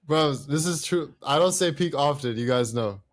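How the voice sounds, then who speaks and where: A man on a podcast putting on a boastful British caller with a playful, drawn-out delivery. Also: fairly high pitch, lively intonation, natural voice. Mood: hammy, boastful. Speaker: podcast co-host. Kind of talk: joking impression on a podcast.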